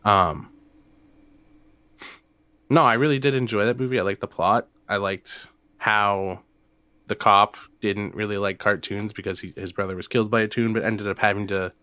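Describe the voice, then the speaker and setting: A young man co-hosting a casual podcast chat, animated and quick to laugh, retelling films with energy. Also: smooth, no room sound. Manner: animated, laughs often, breaks into high squeaky impressions. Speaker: podcast co-host.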